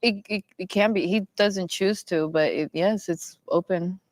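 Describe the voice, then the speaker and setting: A woman's voice: on the low side, a little slow, no room sound. A woman on a discussion panel, speaking matter-of-factly with some false starts. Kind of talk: casual discussion.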